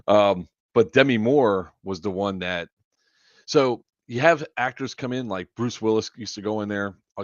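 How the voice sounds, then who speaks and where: A man with a low voice hosts a charity livestream, spinning loose, swear-filled stories and laughing frequently. The recording has no echo but the stream audio sounds dull and lo-fi.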